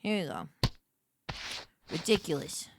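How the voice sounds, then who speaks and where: A young woman streamer giving casual gameplay commentary, excitable and talking to herself, shouting when flustered. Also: on the low side, unhurried, heavy background noise.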